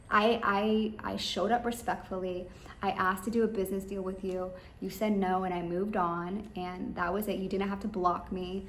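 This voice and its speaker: In an echoey room with faint ambient noise, a woman business coach delivers a rambling, emphatic advice monologue straight to her listeners. Her mid-range voice keeps a steady tone at a normal speed.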